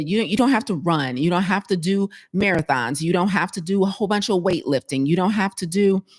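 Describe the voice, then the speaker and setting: A woman health coach talking casually to her viewers, telling stories in a chatty way and laughing often. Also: sits low.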